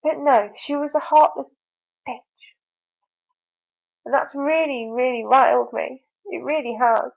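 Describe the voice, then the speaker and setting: A young woman with a slightly high, gravelly voice vents in a casual video diary, frustrated and full of "like"s. The sound is thin and tinny, like it came through a phone line. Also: steady tone, a little slow, pauses often. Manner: venting, frustrated, many fillers. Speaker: vlogger.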